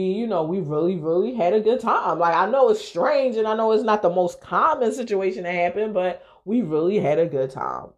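A young woman telling a personal story on her podcast in a candid, profane, lively way. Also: medium pitch, muffled recording. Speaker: podcast host. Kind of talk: casual storytelling to listeners.

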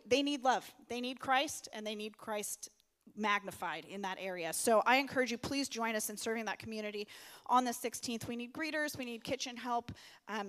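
Woman making church announcements, fairly high voice, eager appeal. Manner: warm, eager appeal for volunteers. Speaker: church announcer, pastor's wife.

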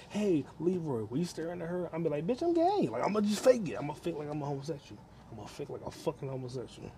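A man's voice: medium pitch, mellow, slight background noise. A man hosting a crude solo podcast from his home kitchen, rambling, swearing constantly and laughing at his own jokes. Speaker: podcast host.

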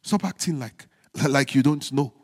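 A male pastor preaching a sermon, stressing phrases slowly and dropping into low, quiet teasing asides to the congregation. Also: breathy edge. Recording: long hall reverb.

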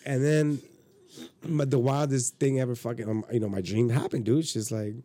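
A man's voice: mid-range voice, fairly even intonation, normal speed, dark tone, no room sound. A man in his thirties telling a rambling, profane story on a casual podcast. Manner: profane, rambling, acts out quotes. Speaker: podcast guest.

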